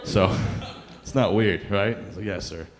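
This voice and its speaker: A man's voice: lowish voice, fairly even intonation, takes it slowly. A young man performing a stand-up comedy set, rambling and self-deprecating, with lots of fillers, on a club stage mic. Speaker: stand-up comic.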